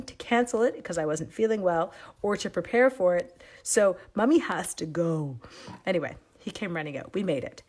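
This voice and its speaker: A middle-aged woman with a Canadian accent, feeling sick and coughing as she leads a live stamping demo, rambling through chatty side stories. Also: medium pitch. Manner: chatty, rambling, self-interrupting. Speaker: stamping demonstrator.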